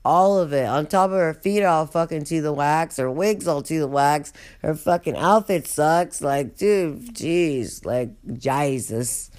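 A storyteller recounting a comic memory, profane and rambling, with drawn-out asides. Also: mid-range voice, a little mellow.

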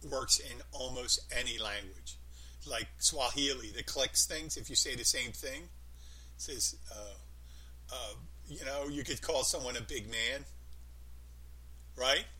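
A man's voice: mid-range voice, measured pace, bright, forceful tone, slightly rough, low-quality recording. A man in casual chat, telling rambling stories with lots of emphasis.

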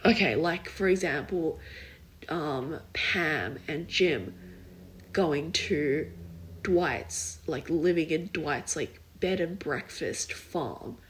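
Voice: medium pitch, takes it slowly, fairly bright tone, a little hiss or hum, rough recording. A young adult podcast host chatting casually on their own. The talk wanders and is full of "like" and "kind of", with loose, half-finished thoughts. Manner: rambling, filler-heavy, many likes and kind ofs. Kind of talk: casual solo podcast chat.

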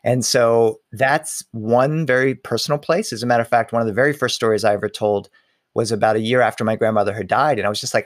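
A middle-aged man and storyteller speaking in a lively, conversational way, slowing down to linger on details. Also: medium pitch, dry recording, studio quality. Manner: animated, slows down on details, many restarts. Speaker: storyteller and author.

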